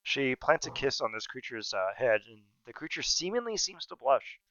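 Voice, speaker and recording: A man's voice: medium pitch, big pitch swings, normal speed, pushed and bright, no room sound. A man narrating a tabletop game as game master in a playful, casual way, laughing often, on a dull lo-fi recording.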